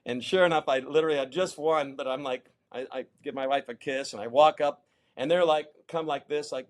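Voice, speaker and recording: A middle-aged American man telling stories in a casual interview, animated and acting out quoted voices. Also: medium pitch, a little fast. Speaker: interview guest, champion kayaker.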